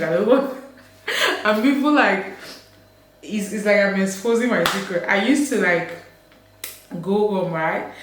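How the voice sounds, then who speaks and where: A young woman from Nigeria with a Delta Nigerian accent, chatting casually to camera, laughing often and acting out voices she quotes. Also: mid-range voice. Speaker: vlogger. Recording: very echoey room, faint background hum.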